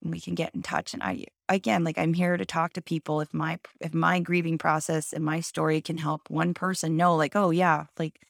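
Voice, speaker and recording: A woman's voice: deep voice, little pitch movement, brisk, gravelly, few pauses, no echo, studio quality. A woman guest speaking openly and emotionally in an interview, telling her story with lots of quoted dialogue. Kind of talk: candid interview conversation.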